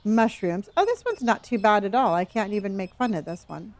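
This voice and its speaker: A woman's voice: medium pitch, expressive, fairly quick, darkish tone. A woman streaming a game, chatting casually, giving playful running commentary and thanking viewers by name, calling them honey and dear. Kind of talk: casual live-stream chat while playing.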